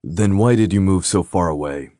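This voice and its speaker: A man doing a gruff grumpy big brother. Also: low-pitched, normal speed, warm tone, no echo, studio quality, natural voice.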